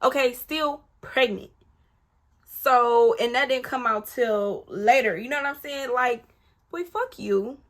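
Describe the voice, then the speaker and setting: She takes her time, her voice on the high side, as she tells a story to camera for her viewers. Blunt, swearing and full of energy, she addresses the audience directly and impersonates what others said mid-tale.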